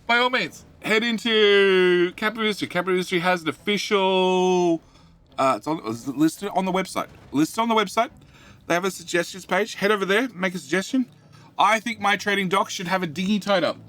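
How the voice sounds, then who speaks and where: Bright-voiced Australian man streaming a game. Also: high-pitched, brisk. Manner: rambling, repeats himself, mutters to himself while playing. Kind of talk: casual live-stream commentary, answering chat.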